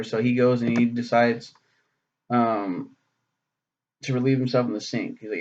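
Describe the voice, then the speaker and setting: A man's voice: medium pitch, little pitch movement, unhurried, pauses often, darkish tone, muffled recording, a little hiss or hum. A man casually reviewing a short story for his vlog, rambling and swearing, with many "um"s. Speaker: book reviewer.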